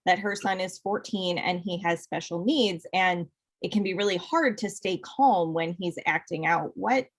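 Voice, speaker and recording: A woman's voice: on the low side, normal speed, husky. A woman hosting a live interview, upbeat and passing on questions from viewer comments. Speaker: interview host.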